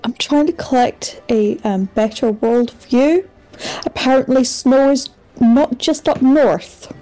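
A woman's voice: high voice, slow, warm tone, soft background music, low-quality recording. A woman playing in a tabletop game, chatting casually in a blunt, jokey way with some playful swearing. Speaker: player.

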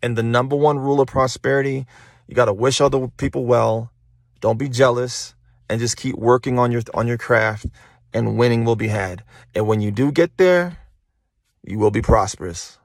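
A man's voice: mid-range voice, moderate pace, no echo, clean studio sound. Blunt, profane motivational man on a phone. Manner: profane, emphatic, repeats phrases for emphasis. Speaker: motivational podcast host. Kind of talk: casual motivational monologue. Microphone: phone held while talking.

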